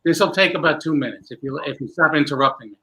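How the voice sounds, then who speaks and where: A man, a magician guest, telling a long animated story with many restarts in a candid interview. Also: on the high side, fast talker, heavy background noise.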